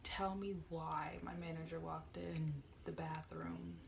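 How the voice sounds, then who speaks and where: A woman's voice: deep voice, level tone, slow pace, creaky, noisy background. A young woman telling a work story to her camera in a chatty, exasperated way, full of fillers. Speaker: vlogger. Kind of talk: casual storytime vlog.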